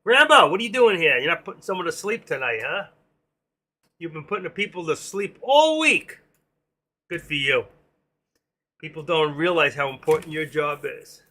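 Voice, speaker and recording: A man's voice: a little high, sing-song, moderate pace, long pauses, pushed and bright. A man hosting a casual live stream, rambling and joking as he talks to his viewers by name. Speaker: live stream host and room moderator.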